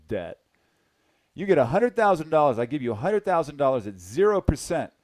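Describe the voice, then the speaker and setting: A middle-aged man presenting a sales webinar, animated and exclaiming, talking directly to his audience. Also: mid-range voice, dry recording.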